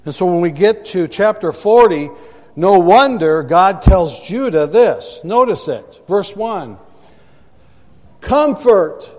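A man's voice: high voice, big-room sound. A man preaching a sermon to a congregation, emphatic and repeating words for effect, recorded in a church sanctuary. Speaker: pastor.

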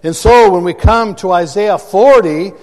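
Slow, high-voiced man preaching. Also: a little mellow, in a large hall. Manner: emphatic preaching, repeats words for effect. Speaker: pastor. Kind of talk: sermon.

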